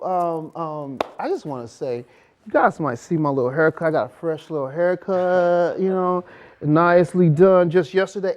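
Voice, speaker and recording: Upbeat high-voiced male talk show host. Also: a little mellow. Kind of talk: casual talk show chat. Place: television studio.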